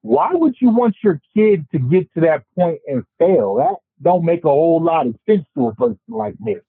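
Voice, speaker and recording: A man on a casual podcast discussion, ranting in an animated, profane way. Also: fairly high pitch, moderate pace, creaky, husky, no room sound. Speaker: podcast panelist. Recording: tinny phone-like, dry sound.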